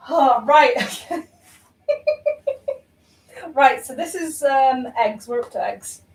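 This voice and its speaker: A woman's voice: sits high, slow pace, background noise. Rambling woman baking, roomy and distant. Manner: rambling, self-mocking, full of ums and laughs. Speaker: baking vlogger. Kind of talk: casual chat while baking. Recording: roomy kitchen, voice from far off.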